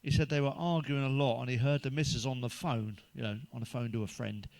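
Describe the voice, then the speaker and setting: A man's voice: mid-range voice, fairly even intonation, fast talker, a little mellow. A man delivering a crude stand-up monologue, swearing freely and talking straight to the listener. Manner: swearing, chatty, addresses listener directly. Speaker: stand-up comedian.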